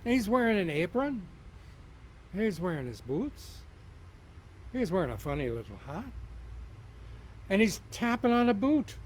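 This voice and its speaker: A man's voice: high voice, big pitch swings, unhurried, pauses often, a little hiss or hum. A man who performs as a storyteller, chatting casually with many fillers and a lilting telling voice. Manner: rambling with fillers, lilting when telling tales.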